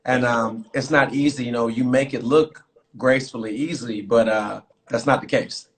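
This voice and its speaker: A man hosting a casual live-streamed talk show, talking loosely with lots of fillers and shout-outs to viewers. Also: mid-range voice, moderate pace. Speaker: podcast host.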